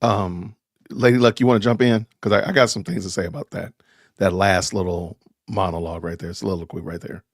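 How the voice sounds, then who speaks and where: A man's voice: sits low, fairly even intonation, brisk, vocal fry, no echo, studio quality. A man hosting a podcast who cuts in to comment on a guest's story. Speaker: podcast host. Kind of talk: casual podcast talk.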